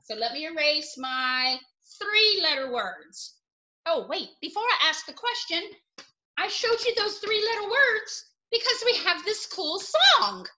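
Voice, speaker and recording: High, bright, animated woman teacher. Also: a little slow, lo-fi sound. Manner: playful, animated, sound effects. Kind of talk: children's phonics lesson.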